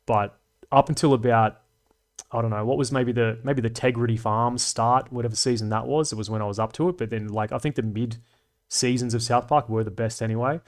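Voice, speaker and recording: A man's voice: medium pitch, brisk. A man, a streamer and animator, casually rambling and reading chat comments with plenty of swearing. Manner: relaxed, profane, rambling and chatty.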